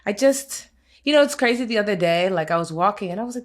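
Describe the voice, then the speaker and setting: A woman's voice: mid-range voice, lively intonation, fast. A woman co-hosting a podcast in casual chat with an American accent, talking candidly and a bit wearily about the year. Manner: candid, tired, reflective. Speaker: podcast co-host.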